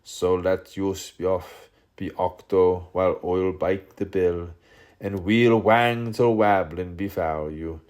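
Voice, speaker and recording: A man reading a literary audiobook aloud in a theatrical way, shifting his pitch and loudness between the quoted speakers. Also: fairly even intonation, slow. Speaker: audiobook reader.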